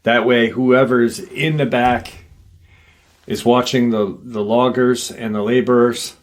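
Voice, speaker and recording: A man casually retelling a listener's paranormal encounter story in an unhurried, conversational way, with fillers and swearing. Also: medium pitch, fairly even intonation.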